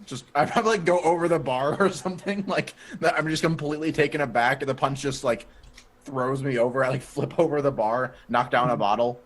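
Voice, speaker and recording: A man's voice: medium pitch, fairly quick. A man playing a tabletop game, describing his character's actions with a hesitant, filler-heavy way of talking. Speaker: player. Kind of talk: casual chat.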